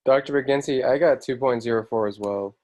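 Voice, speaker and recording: A male student on a video call giving his professor brief numeric answers. His voice is mid-pitched and plain. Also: fairly quick, darkish tone. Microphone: computer mic on a video call.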